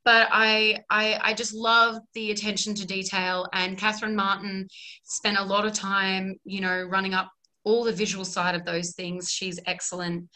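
A woman's voice: mid-range voice, flat delivery, moderate pace, sharp tone. A woman actor chatting on a podcast, enthusiastic and full of "like" and laughter, who says she practises an American accent. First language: not American, works on an American accent. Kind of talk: casual podcast chat.

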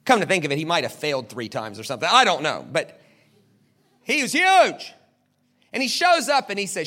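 Male preacher, high and lively voice, dramatic storyteller, shouts at the climaxes. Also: fairly quick, long pauses. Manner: animated, dramatic, with shouted peaks. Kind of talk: sermon with storytelling.

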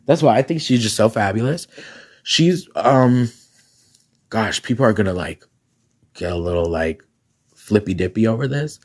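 A man with a raspy voice, hosting a podcast alone as a drag queen, chatting in a sassy, gossipy way and laughing often. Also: on the low side, animated, moderate pace, long pauses, a little mellow. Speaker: podcast host. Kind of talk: casual solo podcast chat.

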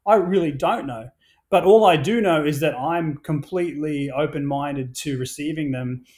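An energetic man tells stories in a relaxed podcast chat. His voice sits a little high, and he swears freely and trips over restarts as the ideas pour out. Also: normal speed.

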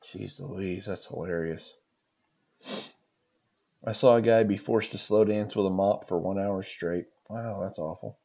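A man's voice: low voice, fairly even intonation, a little slow, vocal fry, mellow, muffled recording. A man hosting a podcast, reading funny stories aloud and reacting with laughs between them.

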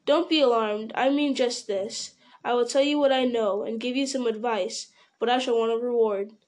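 A woman reading as a weathered, wary ranger who speaks in a measured, grim way, turning sharp when he warns. The voice sits a little high for a man, since the reader keeps close to her own voice. It is a plain audiobook character reading. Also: fairly even intonation, close to an everyday voice. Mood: sly.

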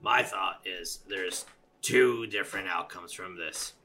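A deep-voiced man with a sharp, bright edge to his sound. He talks casually and at length, cracking jokes as he plays a tabletop game. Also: takes it slowly, faint music behind. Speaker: player.

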